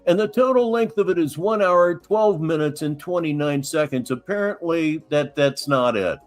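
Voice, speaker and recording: A man running a live stream, cutting in on a played clip with dry sarcasm and little chuckles. His voice sits a touch high for a man, talking from out on a golf course. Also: normal speed, soft background music. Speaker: live-stream host reacting to a video. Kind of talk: mocking commentary over a played clip.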